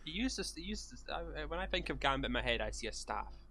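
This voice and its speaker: A young man co-hosting a casual film podcast, asking questions and joking, with halting restarts. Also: fairly high pitch, big pitch swings, bright, forceful tone, a little hiss or hum. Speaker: podcast co-host. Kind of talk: casual chat.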